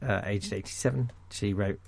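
A man's voice: lowish voice, steady tone, normal speed, creaky, darkish tone, no room sound. A man hosting a radio show, chatting casually in a rambling, jokey, self-mocking way. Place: radio studio. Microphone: studio microphone.

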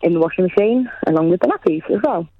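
A woman's voice: on the low side, expressive, fast talker, dry recording, narrow, tinny audio. A woman chatting casually as a radio guest, laughing often and sounding self-deprecating. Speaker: guest, mother of three.

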